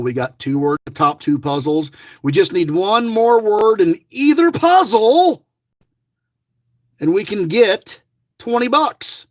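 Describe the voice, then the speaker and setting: Man, middle-aged, high voice, dry close sound, rambling, jokey, grumbling, casual commentary. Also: no echo. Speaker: lottery scratch-off vlogger. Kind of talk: casual running commentary to viewers.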